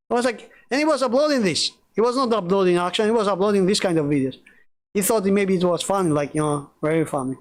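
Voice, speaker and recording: Male gaming streamer, high voice, rambling and excitable, curses freely. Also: fast talker. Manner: rambling, excitable, swears a lot. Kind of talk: casual live-stream chat.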